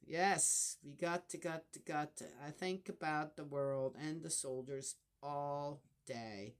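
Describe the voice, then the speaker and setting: Slow, low-voiced older woman musing aloud. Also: fairly even intonation. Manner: rambling, soft-spoken, many fillers and restarts. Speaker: vlogger. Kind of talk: casual spiritual reflection.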